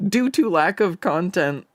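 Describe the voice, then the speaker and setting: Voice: medium pitch, no echo. A livestreaming artist chatting casually while drawing, rambling with profanity and stumbling restarts, on a desk microphone at a home setup.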